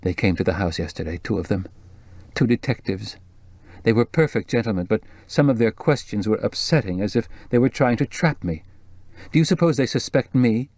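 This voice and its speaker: A man reading the part of a jumpy, anxious young woman with a low, breathless voice in an audiobook. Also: lively intonation, fairly quick, a little mellow, no echo. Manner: nervous, jumpy, worried.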